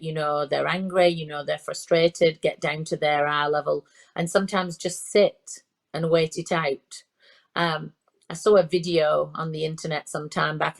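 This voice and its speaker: Low-voiced woman in her fifties, halting. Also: little pitch movement, vocal fry. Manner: repeats herself, frequent restarts and fillers. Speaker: parenting expert guest. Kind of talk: conversational podcast interview.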